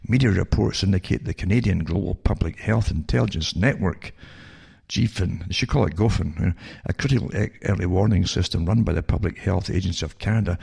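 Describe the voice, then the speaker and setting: A man's voice: brisk, darkish tone. An older man with a Scottish accent hosts a talk show, reading news items aloud and breaking off into sarcastic asides and rhetorical questions. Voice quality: very creaky, rough low voice. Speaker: radio talk show host.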